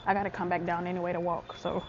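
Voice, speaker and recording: Filmed handheld at home, on the stairs and outside, this casual vlog has lo-fi sound and heavy background noise. The young woman speaks fast in a lowish voice with little pitch movement, chatting straight to viewers, saying "y'all" and "child" a lot and dropping to a half-whisper to keep things private.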